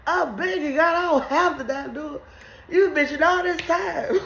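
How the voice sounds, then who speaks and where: A woman riffs through profane, comedic Bible commentary with a gravelly edge to her voice, laughing loosely in the middle of her lines. The sound is roomy, with a clear echo around her. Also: high-pitched, moderate pace. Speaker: video host.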